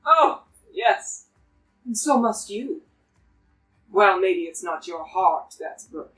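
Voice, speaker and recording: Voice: mid-range voice, lively intonation, takes it slowly, a bit bright, far from the mic, soft background music. A game master voicing a scheming former enemy warrior, a man with a Russian accent who talks in a smug, mock-friendly, menacing way.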